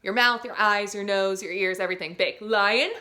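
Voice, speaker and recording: A young woman, a teaching artist, leads young students through a playful physical and vocal warmup and demonstrates the sounds herself. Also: mid-range voice, steady tone, fairly quick.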